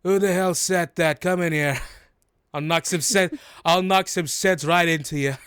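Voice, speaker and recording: A man putting on a feisty, gruff old grandma. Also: high voice, fairly even intonation, normal speed, a bit bright, dry recording, studio quality, voice pushed up. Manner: gruff, threatening. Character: feisty grandmother, short Kender woman.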